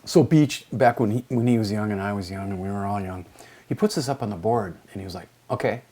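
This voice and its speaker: Man, 60s, english teacher, husky voice, rambling classroom storytelling. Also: on the low side, fast, warm tone. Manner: rambling, digressive storytelling with many fillers. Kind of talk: lecture with a poetry reading.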